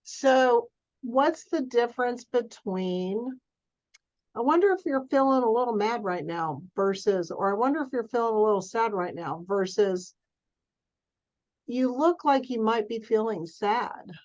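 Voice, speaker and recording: A woman's voice: on the high side, animated, a little slow, a little mellow, dull audio. A woman in a therapy group thinking aloud and asking thoughtful questions.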